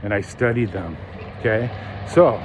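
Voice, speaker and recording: A man who manages car sales, coaching on a walk and acting out phone calls in lively bursts. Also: lowish voice, background noise. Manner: animated, acts out phone calls in quick bursts. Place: outdoors while walking.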